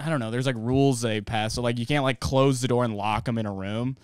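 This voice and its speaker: A man telling a chaotic story in casual podcast chat, rambling and laughing, shouting out the quoted lines. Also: medium pitch, fairly even intonation, quick pace, clear, resonant tone, no room sound, clean studio sound.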